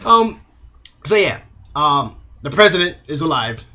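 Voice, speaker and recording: A man's voice: on the high side, very animated, measured pace, sharp tone. A young man reviewing a TV episode in a casual, slangy way, acting out the characters' lines.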